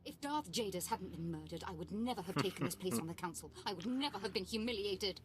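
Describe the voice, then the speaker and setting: A woman's voice: medium pitch, animated, fast, a crowd in the background, natural voice. A woman voicing an arrogant, petulant young female Sith lord in video game dialogue, imperious and resentful. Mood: bitter.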